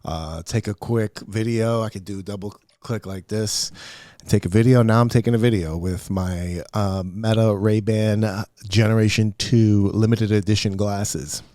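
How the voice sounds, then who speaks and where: A man's voice: on the low side, steady tone, a little slow, dark tone, no echo, studio quality. A middle-aged man hosting a podcast, rambling through a profane, self-mocking solo rant. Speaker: podcast host. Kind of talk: casual solo podcast monologue.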